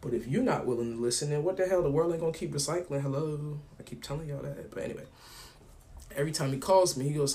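A man's voice: on the high side, fast, mellow, a little hiss or hum. Rambling, slangy man telling stories. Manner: rambling storytelling, acts out both sides of phone calls; loose and colloquial, with frequent slang. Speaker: podcast host. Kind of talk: casual monologue.

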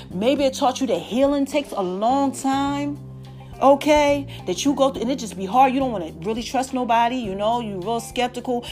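A woman hosting her own podcast in casual solo talk, chatty and warm with listeners, calling them child and baby, and swinging between loud and soft phrases. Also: high-pitched. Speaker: podcast host.

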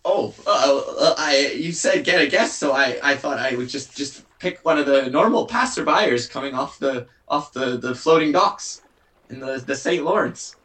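A man voicing an eager, clumsy young pirate lookout in an improvised comedy, stammering and squeaky. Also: moderate pace, bright, forceful tone, natural voice. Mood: nervous. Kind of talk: improvised comedy role-play.

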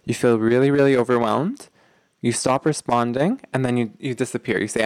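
A man's voice: mid-range voice, a little fast, dry recording. A man hosting a podcast, explaining relationship advice in a casual, repetitive way and acting out example arguments. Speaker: podcast host. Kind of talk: instructional podcast monologue.

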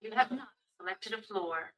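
An actress voicing a polite automated elevator that keeps asking people to repeat themselves. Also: female voice, medium pitch, normal speed, a bit bright, distant mic, lightly acted, low-quality recording. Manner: polite, repetitive prompts. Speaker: voice-recognition elevator.

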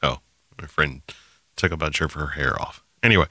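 A man's voice: very deep voice, normal speed, sharp tone, no room sound, clean studio sound. A man in his thirties co-hosting a casual podcast, rambling through stories with frequent laughter and plenty of swearing. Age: 30s. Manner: laughs often, rambling, profane storytelling. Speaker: podcast co-host. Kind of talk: casual banter.

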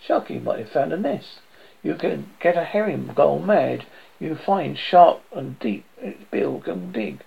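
A doubtful old sea captain, read by a man, who talks slowly and tries to calm others. His voice has a gravelly edge and lively pitch. The recording is dull and lo-fi. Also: exaggerated voice. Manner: slow, doubtful, calming. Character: old male sea captain, skeptical grandfather. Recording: dull lo-fi audio.

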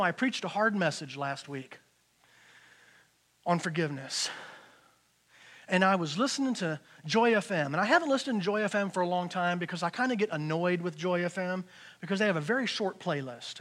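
Middle-aged man, pastor, sermon, high voice, bright tone, animated storytelling, loud to hushed. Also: fairly quick.

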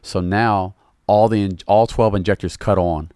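A man with a Southern drawl talks in a deep, low register, loose and unhurried. He chats casually as a podcast guest, throwing in "bro" often. The sound is dry and close. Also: fairly even intonation, darkish tone, dry recording. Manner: laid-back, loose, calls people bro. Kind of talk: casual chat.

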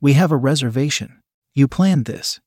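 A man's voice: mid-range voice, expressive, moderate pace, a little mellow, husky, no echo, clean studio sound. A man voicing an eager, submissive young woman who pleads and stammers breathlessly. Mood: flustered.

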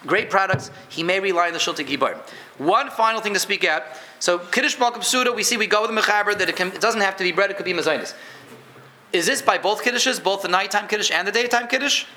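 Man, high-pitched, rabbi giving a chatty live class, stumbles and checks the room understands. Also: fast, bright, forceful tone, slight background noise. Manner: conversational, repeats words, quizzes listeners. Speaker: rabbi teaching Jewish law. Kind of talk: informal halacha class.

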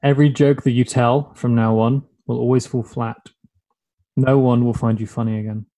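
A man of middle pitch hosts a podcast, mock game-show style. He puts playful dilemma offers to his guest in a relaxed, bantering way. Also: normal speed. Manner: playful, posing would-you-rather offers like a game-show host. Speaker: podcast host. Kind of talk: casual podcast chat.

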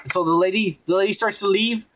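A podcast co-host retells a show in a rambling, profane way. His voice sits high for a man and has a husky grain. He slips into mocking voices for the characters he quotes. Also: fast talker, fairly bright tone. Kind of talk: casual profane recap.

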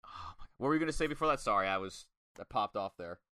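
A man casually reviewing a wrestling match, excitable and swearing often, acting out lines in quoted voices. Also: lowish voice, fast talker, dry recording, clean studio sound. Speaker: podcast co-host.

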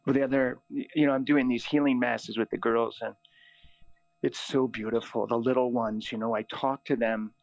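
A middle-aged priest tells his stories with animated energy and often laughs along. His voice sits at an ordinary pitch. The recording is dry and a little dull. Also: moderate pace, creaky, no room sound. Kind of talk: casual storytelling. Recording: slightly dull, dry audio.

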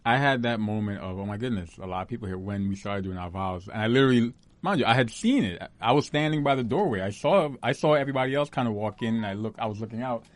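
A man's voice: mid-range voice, quick pace, hardly any pauses, no echo. A young man, the groom, chatting casually in a laid-back, joking, slangy way. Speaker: groom, her husband. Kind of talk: casual chat.

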